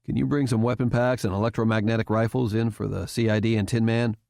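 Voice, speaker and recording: A man voicing a furious retired general who speaks in a low, cold, threatening way. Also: flat delivery, fast talker, gravelly, darkish tone, no room sound, clean studio sound. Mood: matter-of-fact.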